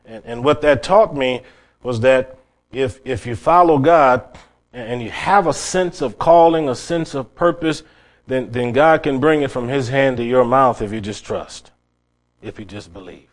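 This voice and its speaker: A man's voice: mid-range voice, unhurried. A middle-aged man preaching a sermon, telling stories and often restarting his words. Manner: storytelling with many restarts and repeated words.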